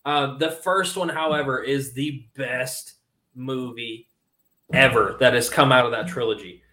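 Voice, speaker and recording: A man's voice: medium pitch, unhurried, pushed and bright, reverberant. A young man co-hosting a casual podcast, talking eagerly and rambling with lots of fillers. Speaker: podcast co-host. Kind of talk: casual chat.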